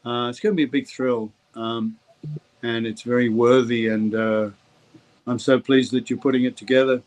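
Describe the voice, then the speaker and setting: A man's voice: mid-range voice, flat delivery, moderate pace, rough recording. An older man with an Australian accent, reminiscing in an interview. He talks in a mid-range voice, wandering through stories with frequent ums and restarts. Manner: warm anecdotal, hesitant with ums. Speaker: actor guest. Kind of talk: interview storytelling.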